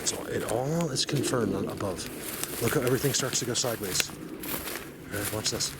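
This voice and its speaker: A man talks to his camera as he walks through a forest, rambling and defiant and a little out of breath. His pitch sits in an everyday middle range. Steady outdoor noise from the camera mic runs under his voice. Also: moderate pace. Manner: rambling, defiant, laughs at his own jabs. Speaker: outdoor vlogger. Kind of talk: casual walking vlog to camera. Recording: noisy outdoor camera audio.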